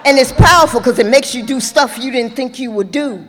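A woman's voice: sits high, a little fast, a bit bright. A middle-aged woman sharing her testimony at a recovery meeting, passionate and preachy with comic asides. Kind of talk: personal testimony with comedic asides. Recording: echoey hall, faint ambient noise.

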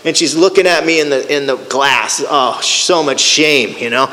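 A middle-aged man giving a personal recovery testimony, storytelling in an animated way and acting out the voices of the people in it. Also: on the high side, normal speed. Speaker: recovery speaker. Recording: hall with long reverb.

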